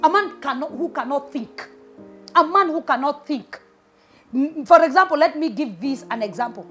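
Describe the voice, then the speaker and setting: A woman preaches relationship advice with emphatic, punchy delivery and repeated short commands. Her voice sits fairly high. Faint music runs beneath her. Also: lively intonation, moderate pace. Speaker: prophetess preacher. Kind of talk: sermon-style relationship advice.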